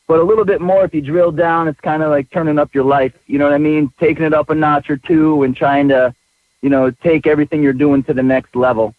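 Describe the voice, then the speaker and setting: A man's voice: a little high, dry recording. Laid-back man on a tinny phone line. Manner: easygoing, laid-back explaining. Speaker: rapper guest. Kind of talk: radio interview.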